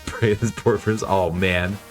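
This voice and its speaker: A man streaming a game, reading its dialogue aloud and joking with his chat between lines in a playful, chuckling way. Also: deep voice.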